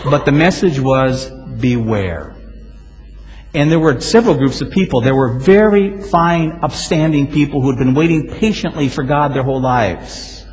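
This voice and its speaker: A male pastor preaching a sermon, telling stories with lively swings and sudden loud exclamations. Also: on the high side, moderate pace, few pauses, faint music behind. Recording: hall reverb.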